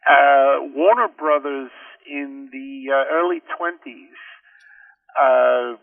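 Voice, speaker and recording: A man's voice: mid-range voice, slow, creaky, dry recording, far from the mic, phone-quality sound. A man giving a rambling, casual radio interview over the phone, restarting often as he talks about reviewing films. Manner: rambling, frequent restarts and fillers. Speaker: interview guest, film reviewer.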